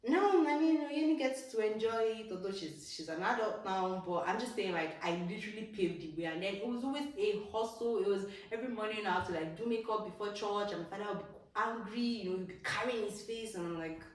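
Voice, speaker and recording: A young woman with a Nigerian English accent, casually telling childhood stories to her vlog audience, animated and quick to laugh. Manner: animated, laughs often, bursts into high exclamations. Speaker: vlogger. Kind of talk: casual storytelling. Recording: echoey room, distant mic, background noise.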